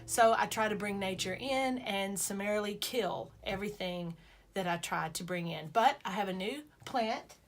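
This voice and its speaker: A sewing vlogger chats playfully to camera for her viewers, sprinkling in self-mocking asides. She speaks in a mid-range voice at a normal speed.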